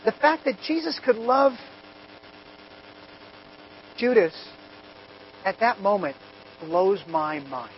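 A man in his forties preaching a sermon, telling personal stories and swinging from soft and low to loud and emphatic. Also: lively intonation, unhurried, long pauses, slightly rough. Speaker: pastor. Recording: slightly dull audio with faint hum.

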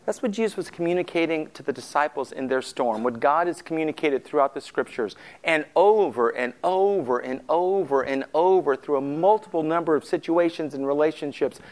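A man preaching a sermon to his congregation, speaking reflectively and addressing them directly with pauses. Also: a little high, a little mellow. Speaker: pastor.

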